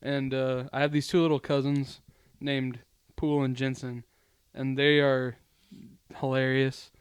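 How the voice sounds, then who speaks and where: A man's voice: medium pitch, flat delivery, measured pace, clean tone, no room sound. A young man co-hosting a podcast, telling a story in casual chat and laughing often. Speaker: podcast co-host.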